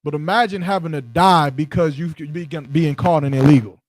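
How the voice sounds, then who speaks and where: This street-style scripture teaching comes from a man with a fairly high voice speaking at a moderate pace, free of echo. As a Bible teacher, he uses punchy short lines and rhetorical questions, telling a reader when to pick up between verses.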